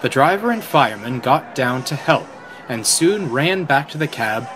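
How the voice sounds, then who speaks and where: A man's voice: medium pitch, big pitch swings, normal speed. A man reading a children's train story aloud in a storyteller style. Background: background music.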